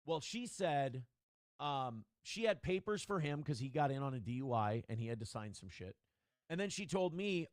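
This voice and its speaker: A man telling a story in an animated, indignant way as a guest on a casual podcast. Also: on the high side, normal speed, no echo, studio quality.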